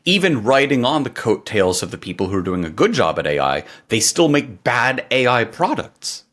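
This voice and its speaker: A man's voice: mid-range voice, very animated, moderate pace, fairly bright tone. A man co-hosting a podcast in casual chat, wry and sarcastic as he tells stories. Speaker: podcast co-host.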